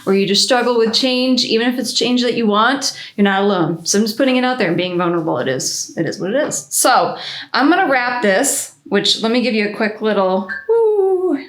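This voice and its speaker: A woman's voice: a little high, lively intonation, fairly quick, a bit bright. A woman vlogger chatting casually to the camera in her home studio, rambling in an anxious, chatty way.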